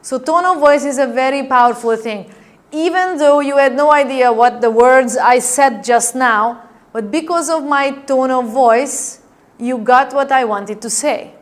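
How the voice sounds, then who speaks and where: A woman NLP trainer lectures a class in a slightly high voice. She demonstrates each point by acting out changes in tone, and she keeps checking in with her listeners. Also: measured pace. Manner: demonstrative, acts out tone changes and asks the class "right?".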